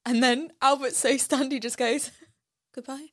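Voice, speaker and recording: A woman's voice: high-pitched, fairly even intonation, moderate pace. A woman co-hosting a casual podcast chat about a film, giggling and acting out quotes. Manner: chatty, giggly, acts out quotes. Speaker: podcast co-host.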